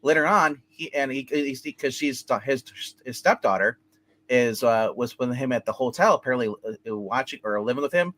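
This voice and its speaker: A man's voice: medium pitch, lively intonation, normal speed, fairly bright tone. Male movie reviewer, rambling casual recapper, mid-range voice. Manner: rambling, filler-heavy retelling, acting out characters' lines.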